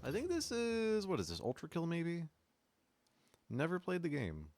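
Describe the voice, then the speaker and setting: A man's voice: on the high side, wildly swooping pitch, normal speed, a little mellow, no echo. A man streaming while he makes music, chatting casually and thinking aloud, with a slight lisp from a sore tongue. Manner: rambling, thinks aloud, trails off mid-sentence. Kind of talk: casual live-stream chat.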